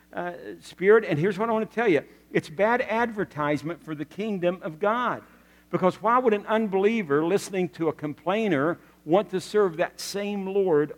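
A man's voice: high voice, in a large hall. A male pastor preaching a folksy, joking sermon and drawing the congregation in with questions and prompts.

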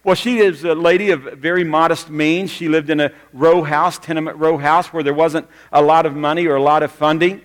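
Male pastor, conversational sermon storyteller, somewhat high voice, reverberant sanctuary. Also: steady tone, a little fast, hardly any pauses. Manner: conversational storytelling, direct questions to the congregation. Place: church sanctuary with a congregation. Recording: long reverb of a church hall.

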